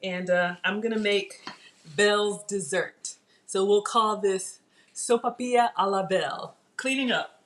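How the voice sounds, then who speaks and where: Recorded on a countertop tablet, a woman runs a live cooking stream at home, reading out viewer comments and chatting as she works. She speaks unhurriedly in a mid-range, slightly bright voice.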